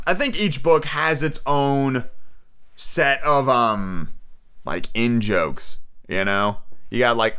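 Male podcast host, mid pitch, reads a novel aloud with loose, rambling asides. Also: pushed and bright, clean tone. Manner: rambling, self-correcting asides. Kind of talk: audiobook reading mixed with casual commentary.

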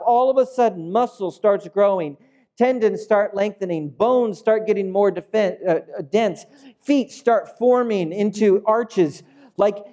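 A man's voice: sits high, mellow. A man preaching a sermon in a conversational way that builds to emphatic peaks. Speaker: pastor.

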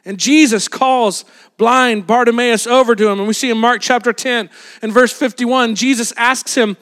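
A man's voice: very high voice, normal speed, fairly bright tone. A young man preaching a sermon as a pastor, telling a Bible story in a casual, humorous way and acting out the voices of the people in it.

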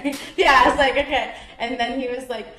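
A young woman in her twenties, a comedian co-hosting a podcast, telling a story in an animated, giggly way. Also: high-pitched, a little fast, a crowd in the background. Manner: giggly, animated, laughs mid-sentence. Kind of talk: casual storytelling chat. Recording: echoey room.

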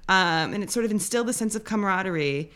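A woman's voice: medium pitch, animated, quick pace, a bit bright. A woman in her thirties, a guest in a casual interview, chatting in a rambling way with lots of "like". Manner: chatty, rambling, fills speech with "like".

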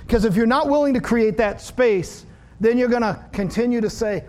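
Male pastor, high voice, middle-aged, conversational sermon, acts out dialogue. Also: moderate pace, darkish tone.

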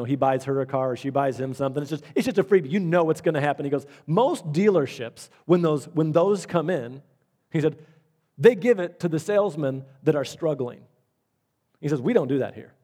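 A man's voice: a little high, mellow. A male pastor preaching a sermon, telling stories and repeating his key phrases. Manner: storytelling with acted-out quotes, repeats key phrases.

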